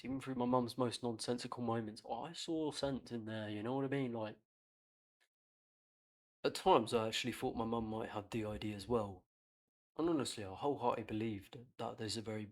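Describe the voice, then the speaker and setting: A man, talking candidly and reflectively on a personal podcast, blunt and swearing freely. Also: lowish voice.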